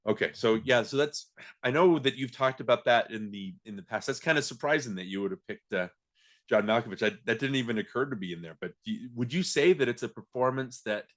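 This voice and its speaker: A man's voice: medium pitch, brisk, fairly bright tone. A man hosting a podcast, talking casually and laughing as he acts out movie lines. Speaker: podcast host.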